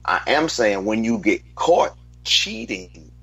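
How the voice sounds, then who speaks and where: Husky-voiced man arguing emphatically. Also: on the low side, very animated, bright, forceful tone, no room sound. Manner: emphatic, deliberate, argumentative. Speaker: sports debate co-host. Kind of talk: heated sports debate. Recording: dull lo-fi dry sound.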